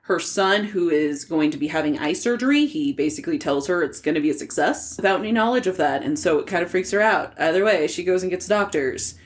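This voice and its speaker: A woman's voice: on the low side, animated, a little fast, few pauses. A young woman co-hosting a casual book podcast, recapping chapters in a chatty way with plenty of "like" fillers and casual swearing. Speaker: podcast co-host.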